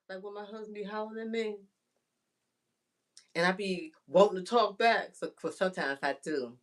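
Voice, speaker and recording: A woman's voice: medium pitch, normal speed. A woman talking casually to her viewers about faith and life. She rambles and searches for words, often with "you know" and "right?", and speaks to the viewer directly. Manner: homespun, chatty, addresses viewer directly. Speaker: vlogger.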